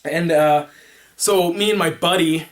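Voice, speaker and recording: A man vlogging, telling a story casually to the camera, rambling and animated, making his own sound effects. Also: on the high side, unhurried.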